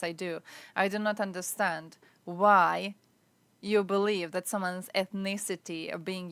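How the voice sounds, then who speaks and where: A woman's voice: lowish voice, gravelly, fairly bright tone, dry recording. A woman streaming live, ranting bluntly and swearing as she reacts to chat comments.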